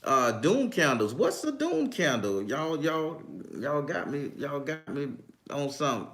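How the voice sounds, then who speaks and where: A man with a slightly high, sing-song voice hosts a casual livestream as a tarot reader, speaking at a measured pace with a fairly bright tone. He talks emphatically and profanely, reads viewers' comments aloud, and keeps breaking into laughter.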